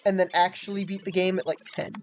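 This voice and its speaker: A woman's voice: on the low side, level tone, quick pace, darkish tone, soft background music. A young woman giving casual, chatty commentary over a video game, with lots of fillers and giggly asides. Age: young adult. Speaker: let's play host.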